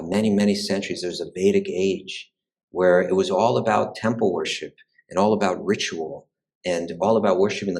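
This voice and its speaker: Low-voiced guy teaching spiritual history, chatty, lots of "you know" and restarts, keeps circling back on his words. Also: darkish tone, poor audio. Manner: thoughtful, many restarts and repeated words; conversational, frequent "you know" and "right".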